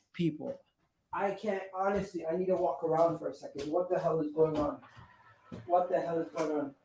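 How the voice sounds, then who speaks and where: A man hosting a live fan stream, ranting in frustration and repeating his phrases again and again, swinging from loud outbursts to low muttering. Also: a little hiss or hum. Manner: exasperated, repeats phrases over and over. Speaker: fan channel host.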